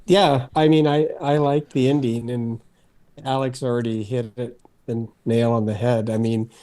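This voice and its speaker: A man on a podcast panel who stumbles along, restarting his sentences and leaning on fillers. His voice sits at a middle pitch and sounds plain and everyday. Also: fairly even intonation, dark tone. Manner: halting, full of restarts and fillers. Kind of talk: casual film discussion.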